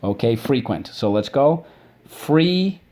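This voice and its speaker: A man's voice: fairly low pitch, darkish tone. A man teaching a vocabulary and spelling lesson. He breaks words into syllables and checks in with "okay?" after each point. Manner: drawn-out syllable drills.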